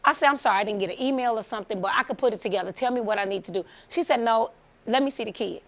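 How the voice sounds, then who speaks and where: Middle-aged woman speaker, gravelly, animated storyteller, plays out dialogue with lots of laughs. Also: medium pitch, fast talker. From Chicago suburbs. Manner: animated, acts out quoted voices, laughs often. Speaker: motivational speaker. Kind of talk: storytelling talk.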